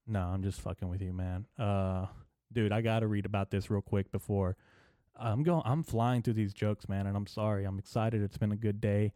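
A young man hosting a comedy podcast, rambling through a profane, deadpan monologue full of filler words. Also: fairly low pitch, moderate pace, no room sound, studio quality. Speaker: podcast host.

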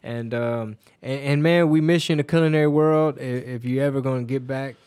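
A man hosts a relaxed interview, talking in a laid-back, slangy way and drifting into stories. His voice sits at a middle pitch for a man. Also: a little fast, smooth. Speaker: host. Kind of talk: casual interview chat.

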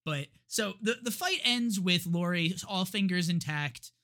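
A man's voice: high-pitched, lively intonation, unhurried, bright, forceful tone. A man co-hosting a podcast, retelling a movie's plot in casual chat with lots of restarts and laughs. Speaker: podcast co-host.

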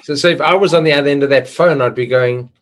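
A man's voice: fairly high pitch, quick pace, fairly bright tone. A man hosting an interview, who often restarts and repeats words as he shapes his questions. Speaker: podcast host. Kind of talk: interview chat.

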